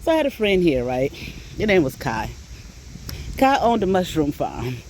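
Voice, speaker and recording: A middle-aged woman chatting casually, animated and laughing often, with frequent swearing, while out on a walk. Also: fairly low pitch, moderate pace, slight background noise. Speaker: vlogger. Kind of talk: casual storytelling chat. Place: outdoors on a walk.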